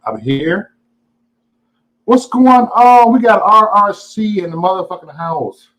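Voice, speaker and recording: A man's voice: medium pitch, poor audio. A man hosting a casual live stream, greeting viewers and ranting at them in a profane, taunting, boastful way. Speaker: livestream host.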